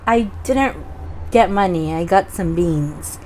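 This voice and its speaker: A woman voicing Jack, a poor young boy, with a bright, eager and earnest delivery. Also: fairly low pitch, slow, slight background noise.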